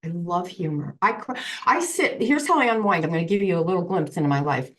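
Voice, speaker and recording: Brief: expressive woman guest, talks with big pitch swings, acts out what people said. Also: fast talker. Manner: animated storyteller, acts out quotes, laughs easily. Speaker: psychic medium guest. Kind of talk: casual interview chat. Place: home room with crystals on shelves.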